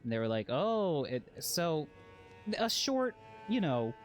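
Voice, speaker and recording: A man's voice: a little high, big pitch swings, takes it slowly, soft background music. Rambling, chuckling male game streamer. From Western. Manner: rambling, self-interrupting, chuckling asides. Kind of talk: casual gameplay commentary with anecdotes.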